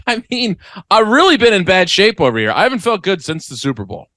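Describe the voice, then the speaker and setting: A man's voice: sits high, brisk, no echo. A young man co-hosting a comedy podcast, telling exaggerated stories in casual chat. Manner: animated, exaggerated storytelling. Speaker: podcast co-host.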